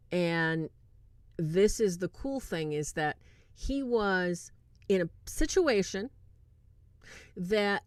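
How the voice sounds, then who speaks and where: A woman's voice: fairly low pitch, dry recording. A woman hosting a casual livestream movie review, eagerly retelling scenes and checking in with her chat.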